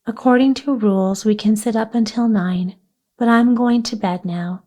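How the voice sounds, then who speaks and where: A woman voicing a gentle, earnest young girl in a storybook reading, sounding a little plaintive. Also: a little high, moderate pace, natural voice.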